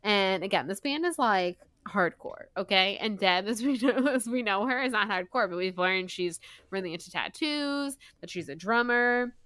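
Bright, chatty young woman podcaster. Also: medium pitch, expressive, normal speed, hardly any pauses, clear, resonant tone, no echo. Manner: chatty, laughing, filler-heavy recap. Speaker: podcast co-host. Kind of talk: casual book-club chat.

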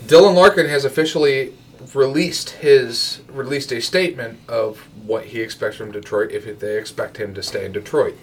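A man's voice: medium pitch, moderate pace, distant mic. A man in his twenties hosting a casual podcast, joking and a little drunk. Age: 20s. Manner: loose, joking, slightly tipsy banter. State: slightly drunk. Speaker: podcast host. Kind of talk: casual chat.

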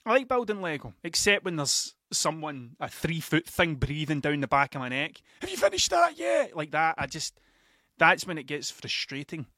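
A man's voice: a little high, moderate pace, bright, forceful tone, dry recording, studio quality. A Scottish man, a father, telling a rambling, self-mocking story on his podcast, swearing freely and repeating himself. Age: adult father. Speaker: podcast host. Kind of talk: casual storytelling monologue.

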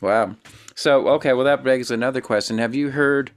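A man hosting a casual interview, chatty and eager, with quick asides. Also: medium pitch, smooth, no echo, studio quality. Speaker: interview host.

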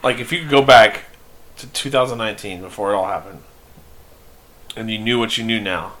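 A man's voice: lowish voice, fairly quick, fairly bright tone, low-quality recording. A young man hosting a crude podcast chat outdoors, joking and laughing. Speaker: podcast host. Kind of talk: crude casual banter. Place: outdoors in an alley.

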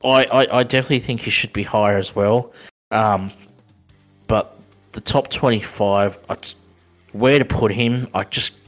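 A man co-hosting a casual gaming podcast, talking in halting bursts with many ums and restarts. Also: on the low side, fairly even intonation, soft background music. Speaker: podcast co-host.

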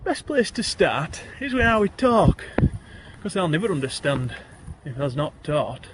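A man with a broad Yorkshire accent recites rhyming verse in a lilting, sing-song rhythm, his voice sitting a bit high for a man. A faint hiss of ambient noise runs under the recording. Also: big pitch swings, measured pace. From Yorkshire, England. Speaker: guest poet. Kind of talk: reciting rhyming dialect poems.

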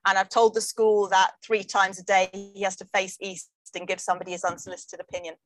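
A middle-aged English woman, a comedian, talking in a wry, jokey way with quick asides in casual conversation. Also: mid-range voice, little pitch movement, a bit bright, poor audio. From England. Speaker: comedian guest. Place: London.

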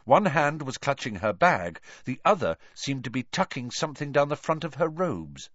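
A man narrating an audiobook in a lively, expressive reading style. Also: mid-range voice, moderate pace, no room sound, muffled recording.

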